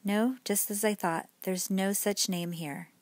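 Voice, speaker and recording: A woman voicing an oily, smirking male hotel desk clerk with a smooth, falsely polite manner, in a bedtime story. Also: medium pitch, steady tone, measured pace, no echo, close to an everyday voice.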